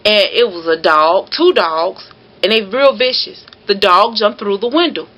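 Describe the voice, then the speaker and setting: Woman vlogger, chatty storyteller, bright forward tone, casual delivery. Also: medium pitch, measured pace, poor audio. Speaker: mail carrier vlogger.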